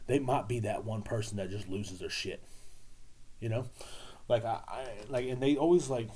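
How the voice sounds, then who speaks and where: Rambling, profane man with a mellow voice. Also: medium pitch, normal speed, husky. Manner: profane, rambling, sarcastic, with frequent fillers. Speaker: podcast host. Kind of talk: rambling solo podcast monologue.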